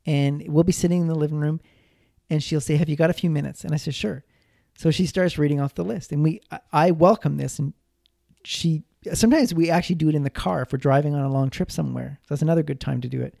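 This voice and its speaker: A man's voice: fairly high pitch, fast talker, vocal fry, mellow, dry recording, clean studio sound. A man giving casual personal finance advice, rambling with frequent restarts and repeated words.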